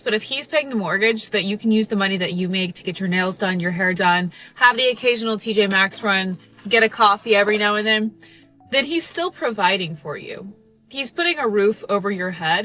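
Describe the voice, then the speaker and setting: Rapid, bright-voiced preachy woman. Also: mid-range voice. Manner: preachy, earnest. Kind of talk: lecturing monologue.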